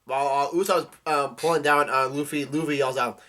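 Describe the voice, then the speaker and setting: A man casually recapping a comic chapter, halting and full of fillers as he goes. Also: fairly high pitch, fairly even intonation, pushed and bright. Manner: halting, with many fillers and restarts. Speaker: manga reader and recapper.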